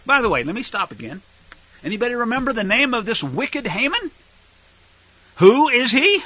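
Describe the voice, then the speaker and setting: A man's voice: extremely high pitch, sing-song, normal speed, long pauses, pushed and bright, husky. A man teaching from the Bible in a casual, chatty way, with wry asides to his listeners, on a dull lo-fi recording. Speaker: preacher.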